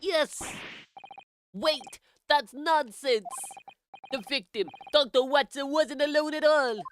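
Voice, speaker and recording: A streamer reading a game aloud and shouting in a pitched-up voice as a frantic young defense lawyer. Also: takes it slowly, slight background noise.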